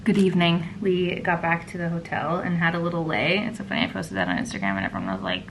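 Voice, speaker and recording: A bubbly woman talking to her camera in a casual travel vlog, gushing about everything and laughing often. Her voice drops into a gravelly fry at phrase ends. Clear background noise and ambience hum under her. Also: lowish voice, quick pace. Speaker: travel vlogger. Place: hotel room and city streets.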